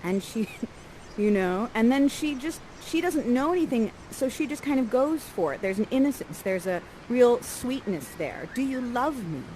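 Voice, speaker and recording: A woman directing a live Shakespeare performance, coaching the players and reading their lines softly. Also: a little high, normal speed, a little hiss or hum, low-quality recording. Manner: animated, coaching, reads lines aloud in a soft voice. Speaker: theatre director coaching actors.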